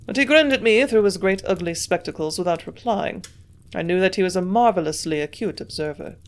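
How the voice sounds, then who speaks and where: A woman's voice: lowish voice, brisk. Woman reading an audiobook. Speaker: audiobook narrator. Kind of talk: audiobook narration.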